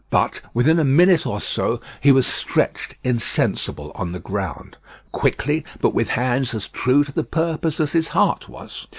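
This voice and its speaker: A man narrating an audiobook in a measured, dramatic storytelling manner. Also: fairly low pitch, slightly rough, dry recording.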